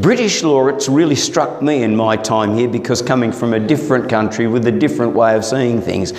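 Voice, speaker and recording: A middle-aged man with an Australian accent, preaching a sermon in a conversational, storytelling way. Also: a little high. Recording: roomy hall with long reverb.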